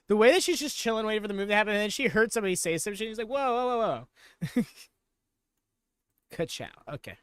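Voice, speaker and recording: A man hosts a live reaction stream, chatting loosely and replying to viewers as he goes. His voice sits a little high and comes through smooth and clear. The sound is dry and close, with almost no room echo. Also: lively intonation, fast talker, a bit bright. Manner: chatty, reads and answers chat viewers by name. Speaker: watchalong host.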